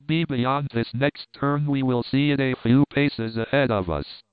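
A man's voice: mid-range voice, steady tone, unhurried, clear, resonant tone, no room sound, natural voice. A man voicing a frightened, superstitious native guide who pleads anxiously, on a dry recording. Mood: fearful. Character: fearful male native guide, timid and superstitious. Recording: dry, tinny phone-like sound.

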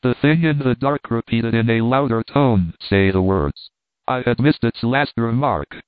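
Scripted narration comes from a man working as an audiobook narrator, his middle-pitched voice even and measured. The audio sounds thin, like a phone, and is close and dry with no room around it at all.

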